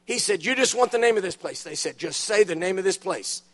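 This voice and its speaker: A high-pitched man delivering a sermon in a church. He tells funny stories with timed punchlines and leans hard on the key words. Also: expressive, brisk. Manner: storytelling with dramatic punchlines, emphatic rises. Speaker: preacher. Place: church auditorium.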